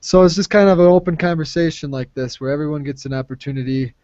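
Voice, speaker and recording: A man's voice: on the high side, fast talker, a little mellow, dry recording. Easygoing man hosting a call. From Minnesota. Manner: friendly, easygoing, fillers and restarts. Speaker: host of a language exchange call. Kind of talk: casual group conversation. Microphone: video call. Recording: muffled online call audio.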